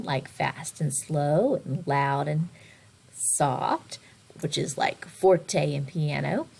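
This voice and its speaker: A woman teaching a recorded online music lesson to children, expressive, with slowed and whispered words for emphasis. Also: lowish voice, vocal fry, husky.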